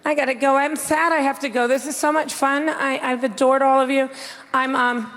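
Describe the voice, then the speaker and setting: An older woman doing a brash, rapid-fire stand-up comedy set on a large theater stage, shouting her punchlines. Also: sits high, fairly even intonation. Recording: reverberant hall, faint noise.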